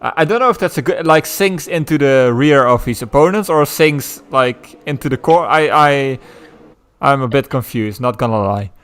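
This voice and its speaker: A man's voice: medium pitch, animated, moderate pace, fairly bright tone, clear, resonant tone. A man co-commentating an online racing stream, cracking jokes, laughing and reading out chat. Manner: joking, laughing, reads chat aloud. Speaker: race commentator. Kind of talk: casual sim racing commentary.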